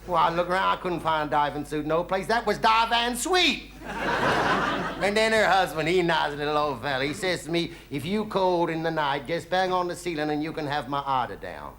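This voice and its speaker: A bragging country-bumpkin American traveller, put on by a British comedian in a high, twangy Southern drawl, full of "ooh-wee" whoops. The 1970s TV studio recording carries clear audience noise behind the voice. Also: male voice, lively intonation, normal speed, sharp tone. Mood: cheeky. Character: boastful hick American traveller man, folksy. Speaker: comedian in character. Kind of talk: 1970s TV stand-up monologue in character.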